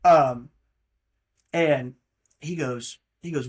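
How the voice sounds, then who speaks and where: A man's voice: mid-range voice, slow, long pauses. A young man from Florida hosting a solo podcast, rambling casually through jokey stories with lots of fillers and tangents. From Florida, USA. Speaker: podcast host.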